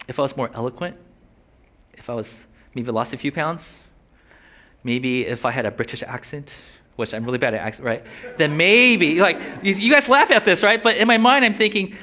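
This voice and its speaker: Lisping preacher, bright and casual. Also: male voice, medium pitch. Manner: conversational, joking asides, voices inner thoughts. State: slight lisp from a sore tongue. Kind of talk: sermon.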